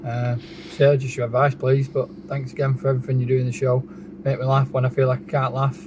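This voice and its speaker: A man leaving a voice message for a show, halting and shaken. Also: mid-range voice, monotone, background noise. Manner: halting, shaken, many pauses. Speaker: caller. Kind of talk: recorded voice message.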